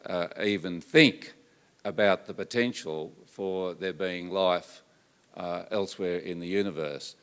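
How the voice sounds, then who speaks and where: An older man giving a public lecture, telling stories in a halting way with many fillers. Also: deep voice, smooth. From Australia. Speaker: guest lecturer.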